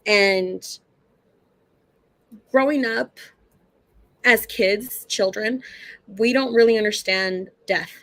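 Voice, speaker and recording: Slow and given to long pauses, this mid-range, somewhat bright voice belongs to a psychic medium guest, captured in a dry recording. She tells her stories in a chatty, casual way, leaning on fillers and acting out the conversations.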